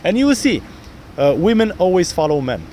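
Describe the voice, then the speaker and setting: Animated male dating coach on a street. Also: high-pitched, a little fast, a little hiss or hum. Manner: animated, acts out pickup lines in different voices. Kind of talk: outdoor coaching talk. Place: city street outdoors.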